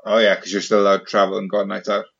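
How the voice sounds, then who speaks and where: A man's voice: fairly low pitch, level tone, very fast, creaky, a bit bright. Guy hosting a pod, joking around, asks a lot, kinda muffled audio. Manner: playful, keeps asking questions and doing silly voices. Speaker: podcast host. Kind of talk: casual chat.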